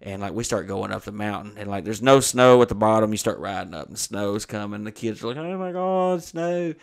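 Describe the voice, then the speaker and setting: A young adult man with a gravelly voice tells a rambling, profane anecdote on a casual podcast. He jumps between narration and quoted dialogue and swears freely. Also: fairly low pitch, steady tone, fast talker. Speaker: podcast host. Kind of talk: casual storytelling chat.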